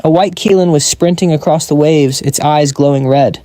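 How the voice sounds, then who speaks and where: A man giving brisk scripted narration of a comic recap. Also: fairly high pitch, steady tone, warm tone, dry recording.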